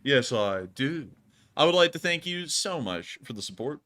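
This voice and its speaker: Bright-voiced man. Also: medium pitch, normal speed. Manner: animated, laughs often, says y'all. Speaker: host. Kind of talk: casual live-stream chat.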